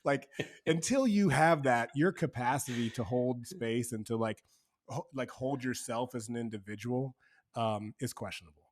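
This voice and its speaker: Podcast guest, man, mid-pitched voice, earnest and relaxed, casual slang. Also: normal speed. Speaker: podcast guest, men's community co-founder. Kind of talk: casual conversation.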